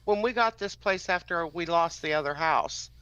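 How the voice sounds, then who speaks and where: A caller in casual chat, speaking plainly and haltingly with many fillers. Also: mid-range voice, bright, forceful tone, clear, resonant tone, no echo, dull audio.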